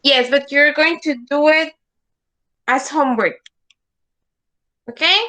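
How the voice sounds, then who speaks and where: Slow, bright-voiced woman teaching English. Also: sits high. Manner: slow, repeating words for students to echo; checks understanding with frequent "okay?". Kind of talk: online class instruction.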